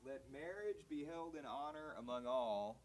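A man in the congregation reading a scripture passage aloud in a steady, plain way. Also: fairly high pitch, moderate pace.

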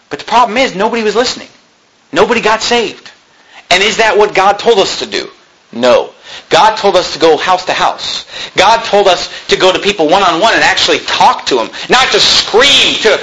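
A male pastor preaching a sermon in an emphatic way, mocking street preachers with loud shouted impressions. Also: high voice, big pitch swings, fairly quick, a little hiss or hum, rough recording.

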